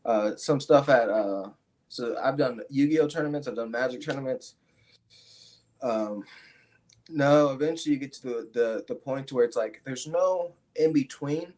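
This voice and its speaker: A man's voice: mid-range voice, a little slow, darkish tone. A young man, a fighter being interviewed, telling a story casually with lots of fillers and restarts. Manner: rambling, many fillers and restarts.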